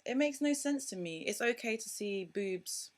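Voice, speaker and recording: A young woman, a mother vlogging to camera in casual, outspoken and animated talk. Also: on the high side, moderate pace. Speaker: parenting vlogger.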